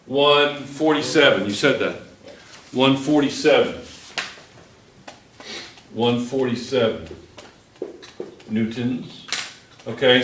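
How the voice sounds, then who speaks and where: A man's voice: a little high, sharp tone, distant mic. A man teaching a physics class, joking and teasing his students as he works through problems. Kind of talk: classroom lesson. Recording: echoey classroom.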